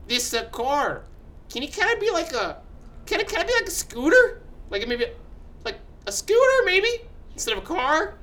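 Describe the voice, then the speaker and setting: A woman's voice: very high-pitched, big pitch swings, normal speed, fairly bright tone, heavily acted. A woman voicing a bumbling, eager Canadian investor in a put-on Canadian accent, rambling and repeating words.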